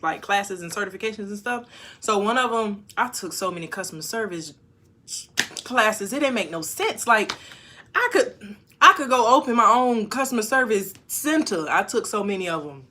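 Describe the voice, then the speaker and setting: A woman on a casual livestream, reading viewer comments aloud and answering them frankly, with sudden loud bursts. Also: mid-range voice, slight background noise. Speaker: YouTuber answering live chat. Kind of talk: casual live-stream chat.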